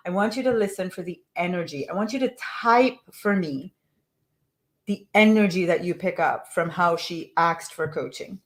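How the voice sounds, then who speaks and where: On a live coaching call, a woman who coaches people on their money mindset reads a listener's message aloud and asks her audience to reflect on it. Her voice is lowish and her pace moderate.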